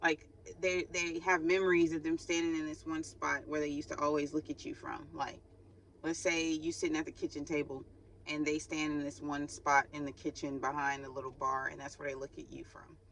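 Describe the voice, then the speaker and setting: A woman hosting a faith channel talks briskly in a low, fairly bright voice with little pitch movement, and a bit of hiss or hum sits underneath. Recorded without her microphone, she offers a chatty spiritual reading, laughing often and acting out sighing quotes.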